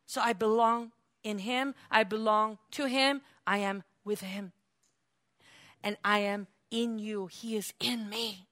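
Here the same kind of sermon unfolds slowly and with a steady tone: a woman pastor shifts from soft explaining to loud, high preaching. Along the way she asks her congregation questions and calls out for amens.

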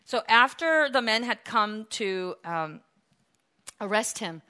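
A woman delivers a sermon in a high, bright voice. She drops low and quiet for reflective stretches, then rises loud and emphatic. She plays out the quoted words dramatically. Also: expressive, takes it slowly, clear, resonant tone. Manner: dramatically acts out quoted lines. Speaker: preacher.

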